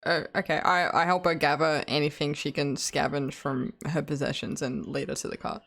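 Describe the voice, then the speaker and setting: A tabletop player with a mid-pitched, gravelly voice, talking eagerly through turns over a call. Speech is chatty and quick to react. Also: little pitch movement, a bit bright. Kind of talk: playing a tabletop game.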